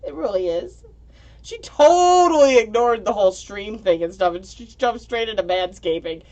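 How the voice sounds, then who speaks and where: A woman's voice: medium pitch, lively intonation, normal speed, a little mellow. A woman hosting a casual livestream from home, rambling and giggly, often tripping over her words as she reads the chat. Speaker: livestream host reading chat.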